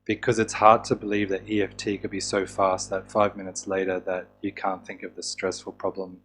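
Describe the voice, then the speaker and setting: A man teaching a course on tapping therapy in a relaxed, casual way, with fillers and restarts. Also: sits low, fairly quick, a little hiss or hum. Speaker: EFT teacher.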